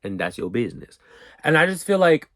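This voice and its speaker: A young man telling a storytime in a casual, profane, animated way, acting out what people said. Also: on the high side, brisk, no echo. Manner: animated, profane, acts out quotes. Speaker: storyteller vlogger.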